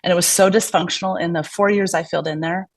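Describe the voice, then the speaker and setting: A woman's voice: on the low side, steady tone, fast talker. A woman physician being interviewed on a podcast, chatting candidly and acting out the exchanges she retells. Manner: chatty, acts out quoted exchanges; frequent fillers and restarts, candid. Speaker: physician guest. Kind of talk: casual podcast storytelling.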